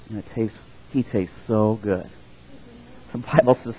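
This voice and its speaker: A man's voice: mid-range voice, takes it slowly, long pauses, husky. Male pastor preaching, dull lo-fi sound. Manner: conversational, chuckling asides, rising to loud dramatic quotes. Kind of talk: sermon.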